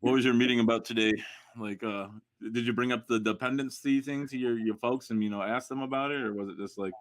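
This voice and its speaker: A man's voice: mid-range voice, steady tone, quick pace. A man with an ordinary, mid-range voice chats in a loose, easygoing way. He hesitates often and fills his sentences with "man" and "you know". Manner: laid-back, hesitant, lots of fillers like "man". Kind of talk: casual chat.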